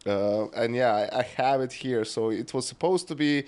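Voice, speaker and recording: A male podcast co-host with a middle-pitched voice chats casually. His delivery is flat and monotone, broken up by frequent laughs. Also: moderate pace.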